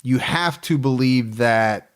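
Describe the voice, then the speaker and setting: Male host, mid-range voice, relaxed and chatty, quick to laugh. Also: medium pitch, smooth. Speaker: podcast host. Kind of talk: casual chat.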